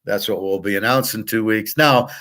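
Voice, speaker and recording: A man's voice: fairly low pitch, brisk, a bit bright. A man delivering a blunt, profane monologue about markets, restarting and trailing off often. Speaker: sports betting and markets commentator. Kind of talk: ranting monologue.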